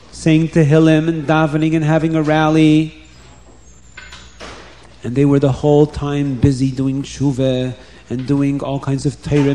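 A man telling a story to children, animated and lively, with dramatic pauses. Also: a little high.

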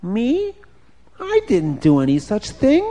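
A man's voice: high-pitched, wildly swooping pitch, slow, warm tone, voice pushed up, exaggerated voice. A man voicing a sly male thief who protests his innocence in a raised, wheedling voice. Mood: protesting innocence.

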